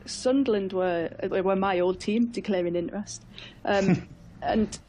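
A woman's voice: medium pitch, a little slow, dark tone, a little hiss or hum, rough recording. A woman from England, chatting as a football pundit on a radio phone-in. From North East England. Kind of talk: casual studio chat. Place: radio studio.

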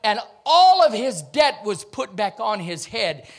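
A man preaching a Pentecostal sermon, theatrical and breaking into shouts. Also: high-pitched, sing-song, a little slow.

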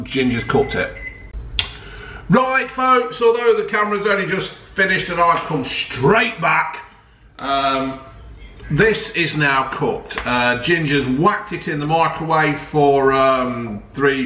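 A man's voice: mid-range voice, pushed and bright, distant mic. A man chatting casually and joking as he reviews ready meals at home, swearing now and then. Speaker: food reviewer vlogger. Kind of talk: casual food review chat. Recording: roomy sound from off the mic, faint noise.

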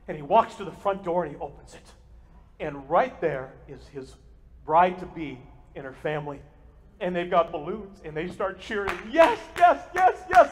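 A man preaching a sermon as pastor to a live congregation, energetic and joking, and speaking straight to the people in front of him. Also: high voice, big-room sound. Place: church sanctuary with a live congregation.

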